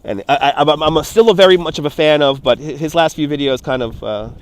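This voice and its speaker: A man's voice: a little high, a little fast. A man, live-streaming outdoors from a phone on a gimbal, talking in an emotional, rambling way, repeating himself and swearing. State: close to tears. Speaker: livestream vlogger. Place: outdoors in a city street.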